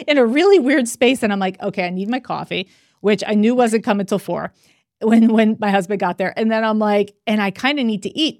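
A woman hosting a podcast, chatting casually and telling stories with lively acted-out quotes. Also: mid-range voice, no echo, clean studio sound. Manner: animated storytelling, acts out quoted voices. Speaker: podcast host. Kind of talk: casual chat.

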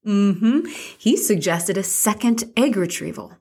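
A woman's voice: mid-range voice, animated, a little slow, warm tone, breathy edge. A woman co-hosting a casual podcast chat who tells her story indignantly, with plenty of swearing. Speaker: podcast co-host.

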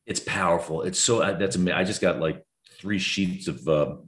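A man in his fifties, a guest author, talking earnestly and reflectively in a podcast conversation. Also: moderate pace. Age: 50s. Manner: earnest, reflective, lively swings in pitch when explaining.

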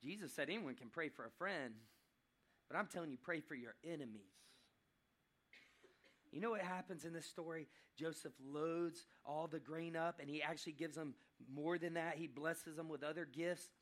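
A man preaching a sermon, telling a story dramatically and swinging between loud and hushed passages. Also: a little high, normal speed.

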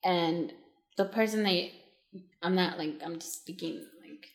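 A young woman with a lowish voice and a measured pace co-hosts a casual chat. She talks in long, rambling stretches packed with "like," acting out what other people said with animation.

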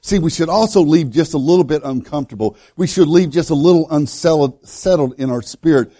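A male pastor preaching a sermon in a folksy, storytelling way, with many halting restarts. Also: on the high side, warm tone. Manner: storytelling, folksy and self-deprecating.

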